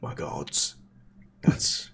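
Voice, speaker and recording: A man voicing an excitable male dwarf sailor with a Cockney accent, boastful and chatty. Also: extremely slow. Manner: startled, then chatty and boastful.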